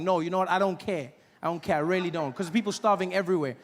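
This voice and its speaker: A man from Africa doing stand-up comedy, animated and mocking as he builds to each punchline. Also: high-pitched, quick pace. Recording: live hall with audience.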